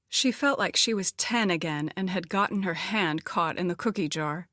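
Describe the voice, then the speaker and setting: A woman reading a novel aloud as an audiobook narrator, in an even, measured storytelling voice. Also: on the low side, dry recording, studio quality. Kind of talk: scripted narration.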